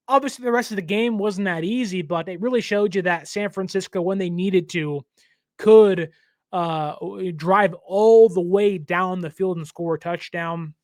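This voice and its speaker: A man hosting a team show, giving a casual, jokey, animated breakdown of a football game. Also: sits high, no room sound, clean studio sound. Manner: animated, jokey, lots of fillers. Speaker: team podcast host.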